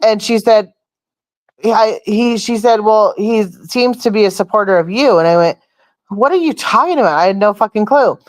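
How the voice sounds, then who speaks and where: A woman's voice: medium pitch, normal speed, a little mellow, dry recording. A woman hosting a casual chat, telling a long rambling story and swearing freely. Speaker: host.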